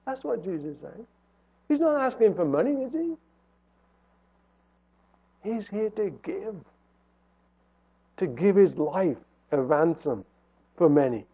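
A man's voice: high voice, very animated, slow pace, pauses often, slightly rough. A man preaching a sermon in an earnest tone, his voice rising and falling for emphasis. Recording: tinny phone-like sound.

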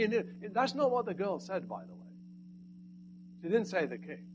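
Guy preaching, high voice, goes loud then real quiet, bit of hum behind. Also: expressive, moderate pace, low-quality recording. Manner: dynamic, swinging from loud emphasis to hushed asides. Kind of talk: sermon.

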